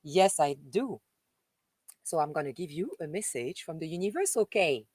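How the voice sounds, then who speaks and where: A woman's voice: sits low, expressive, moderate pace, a little mellow, slightly rough, dry recording. A woman with a French accent, hosting a casual live stream and chatting affectionately with her viewers. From Paris. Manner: chatty and affectionate, often laughing and calling listeners "dear".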